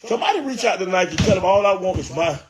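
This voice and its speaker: A man's voice: high voice, expressive, fast, background noise. A man from Miami ranting and pleading on a livestream about his sneaker collection, exasperated, profane and repetitive. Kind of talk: emotional livestream rant.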